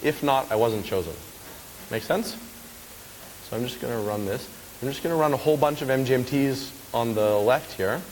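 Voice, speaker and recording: A man's voice: medium pitch, moderate pace. A man giving a casual live technical demo at a conference, chatty and often checking in with the audience. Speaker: conference speaker. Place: conference lecture hall. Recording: reverberant hall with faint hiss.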